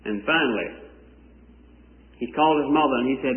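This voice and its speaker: A man's voice: mid-range voice, fairly quick, long pauses. A man preaching a sermon to a congregation, stretching scripture out in a fervent sing-song cadence. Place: church service before a congregation. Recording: echoey hall on a tinny lo-fi recording.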